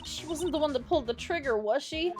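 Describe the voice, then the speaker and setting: A woman voicing a nosy, excitable young female photographer in a put-on Southern drawl, reading video game lines. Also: sits high, brisk, faint music behind. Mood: gossipy. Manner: loud, excitable, folksy. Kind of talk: playing a game's dialogue aloud.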